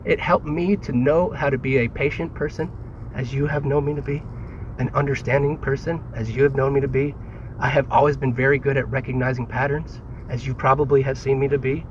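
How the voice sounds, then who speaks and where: A man giving an earnest, rambling philosophical monologue to friends, emotional and close to tears, with halting, repetitive phrasing. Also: medium pitch, fairly even intonation, slight background noise, poor audio. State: tearful. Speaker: speaker leading a group talk.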